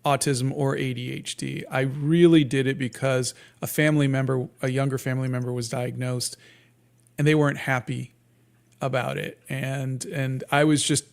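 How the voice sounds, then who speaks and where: A man in his fifties, a guest cartoonist talking casually in an interview, in a soft, sleepy-sounding voice with many halting restarts and fillers. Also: mid-range voice, steady tone, gravelly. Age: 50s.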